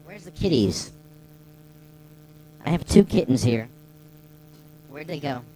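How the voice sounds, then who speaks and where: A man at home playing a goofy jokester through a voice-changer pitch shift, in playful, self-amused live-stream banter. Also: very animated, slow pace, dark tone, slight background noise, poor audio.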